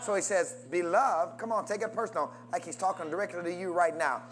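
A man's voice: fairly even intonation, brisk. A man preaching a sermon, constantly calling out questions for the congregation to answer and urging them to say amen. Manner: call-and-response preaching with wide swings in pitch and loudness.

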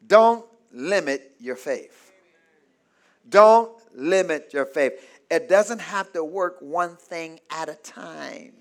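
A man preaching a sermon in call-and-response style, asking the congregation to finish his sentences and swinging between shouts and low murmurs. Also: lively intonation, slow. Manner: call-and-response, asks the congregation to fill in words.

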